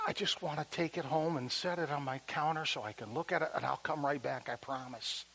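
A man voicing a timid, lonely middle-aged woman at a diner, speaking in a hesitant, soft, halting way. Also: on the high side, creaky, rough recording.

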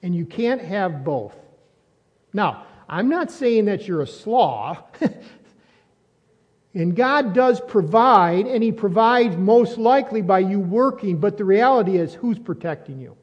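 Man, pastor, high voice, conversational sermon, rhetorical questions, muffled recording. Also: lively intonation, a little slow. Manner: conversational preaching, rhetorical questions and frequent restarts. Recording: muffled audio with long reverb.

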